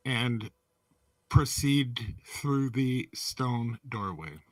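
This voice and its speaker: A man's voice: medium pitch, expressive, extremely slow, no room sound, recorded from a distance. A man playing in a tabletop game, asking questions and describing what his character does. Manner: inquisitive, describes his actions. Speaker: player.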